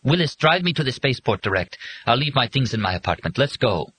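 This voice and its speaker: A brisk, scathing woman speaks in a raised, bright voice, as a man reading an audiobook puts her on. She sounds impatient and cutting in this storybook reading. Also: mid-range voice, sing-song, breathy edge, pitched above the performer's own voice, rough recording. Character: sharp-tongued woman, adult, impatient.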